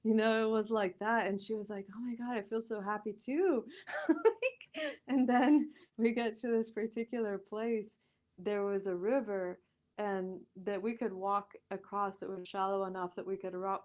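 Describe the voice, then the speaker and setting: A woman telling a personal story as a podcast guest, animated, laughing often and acting out the voices she quotes. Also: mid-range voice. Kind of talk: storytelling in a conversational interview.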